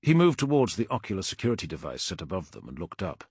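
A man narrating a science fiction audiobook in a dramatic, measured style. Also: sits low, huge pitch swings, breathy edge, dry recording, clean studio sound. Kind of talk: scripted narration.

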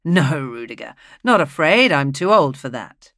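A narrator voicing a grave, wry old northern man who speaks in a solemn, measured way. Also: medium pitch, big pitch swings, bright, forceful tone, no echo, studio quality, exaggerated voice.

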